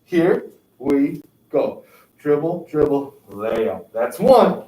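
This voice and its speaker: A yoga instructor leads a class, counting reps in a slow, unhurried way and cheering the group on. The pitch swings widely. It is recorded from a distance in an echoey room, with faint noise behind. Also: very animated, warm tone. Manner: counting out reps, upbeat encouragement. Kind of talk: guided exercise class.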